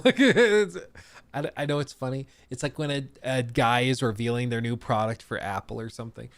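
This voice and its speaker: A man's voice: medium pitch, lively intonation, normal speed. A man live streaming, chatting casually and joking over a video he is watching. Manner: joking, laughs often. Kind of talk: casual chat.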